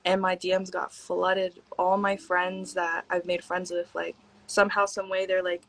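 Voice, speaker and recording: A woman's voice: fairly low pitch, flat delivery, moderate pace, rough recording. Laid-back young woman telling stories. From Hawaii. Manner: laid-back, slangy, many "like" fillers, acts out quotes. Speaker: podcast guest. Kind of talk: casual storytelling chat.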